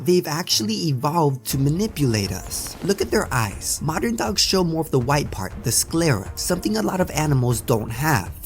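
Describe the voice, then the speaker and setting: A man with a fairly high, lively voice narrating a scripted video essay. He keeps asking the listener rhetorical questions. Clear background music plays under him. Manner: asks many rhetorical questions.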